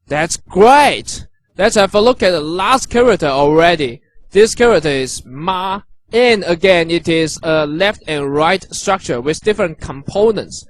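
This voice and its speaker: A man teaching characters and their pronunciation, patient and encouraging, repeating each sound slowly. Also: sits high, lively intonation, dry recording. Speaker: language teacher. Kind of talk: instructional narration.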